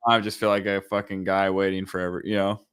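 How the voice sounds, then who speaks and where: A young man hosting a podcast, telling stories in a rambling, profane, animated way. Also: low-pitched, quick pace, clear, resonant tone. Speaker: podcast host. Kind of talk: casual chat.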